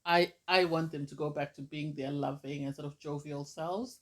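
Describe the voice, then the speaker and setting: A man's voice: fairly high pitch, steady tone, normal speed, a bit bright. A man chatting through a casual review and recap of a reality TV episode, gushing and exclamatory.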